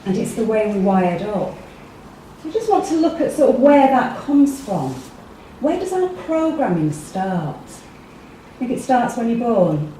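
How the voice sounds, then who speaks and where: A woman's voice: fairly high pitch, very animated, unhurried, dark tone, slight background noise. English woman, workshop speaker, asks the room questions, very echoey, distant mic. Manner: chatty, asks the audience questions. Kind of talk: interactive talk to a small group. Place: meeting room with a live audience.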